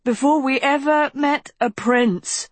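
A woman's voice: mid-range voice, a little slow, dry recording, voice pushed up, close to an everyday voice. A woman voicing a young elfin boy who pleads with a wavering, tearful voice. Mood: urgent. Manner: pleading, voice wavering near tears.

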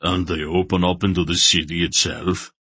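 A man voicing a big, rumbling warrior who speaks bluntly. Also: little pitch movement, normal speed, sharp tone, breathy edge, no echo, full character voice. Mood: gruff.

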